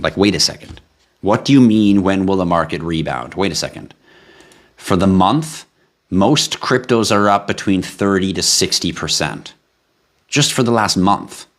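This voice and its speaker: A man hosting a live stream, chatting casually and with animation straight to his viewers. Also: lowish voice. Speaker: livestream host.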